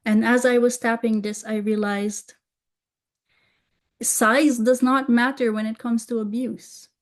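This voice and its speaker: A woman coaching viewers through tapping in a gentle self-help tutorial, softly repeating calming phrases. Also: a little high, unhurried.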